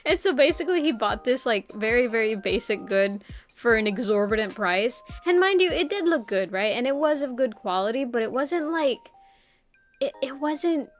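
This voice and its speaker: A woman's voice: fairly high pitch, lively intonation, moderate pace, faint music behind. A young woman streamer chatting casually and rambling, with lots of "like" and frequent laughs. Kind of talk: casual live-stream chat.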